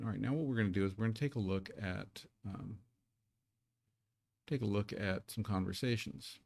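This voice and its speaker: A man teaching a live online Korean lesson, patiently explaining and sounding out syllables slowly. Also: on the low side, creaky, darkish tone, no room sound.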